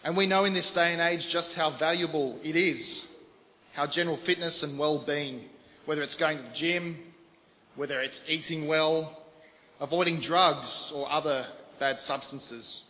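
Bright-voiced man preaching in a hall. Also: a little high, measured pace. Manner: lively and conversational, addressing a congregation. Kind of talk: sermon. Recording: long hall reverb, faint background noise.

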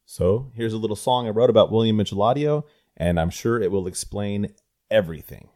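A man with a fairly low voice hosts a casual podcast. He talks in a relaxed way and drops swear words freely. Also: fairly quick. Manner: laid-back, swears freely. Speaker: podcast host. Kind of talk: casual chat.

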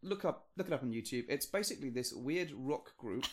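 A man from the UK co-hosting a podcast, chatting casually and joking with playful, animated outbursts. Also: mid-range voice, brisk. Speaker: podcast co-host. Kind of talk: casual chat.

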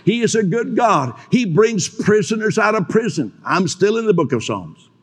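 A man preaching a proclamation sermon, slowing down to stress key phrases and softly acting out what listeners might say. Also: high voice, very animated. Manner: proclaiming, slows for emphasis, mimics listeners softly. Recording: hall reverb.

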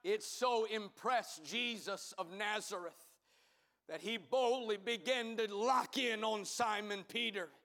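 A man preaching a sermon as pastor, building from measured teaching to fervent shouting. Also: high-pitched.

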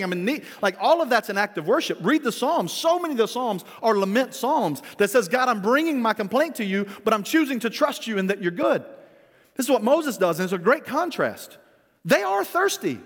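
A man's voice: high voice, fairly bright tone, in a large hall. A man preaching a sermon as pastor, earnest and often chuckling as he teaches.

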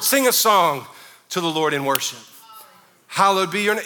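A man's voice: high-pitched, moderate pace, sharp tone, big-room sound. A man preaching a sermon, moving from teaching into fervent, half-sung prayer. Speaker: pastor.

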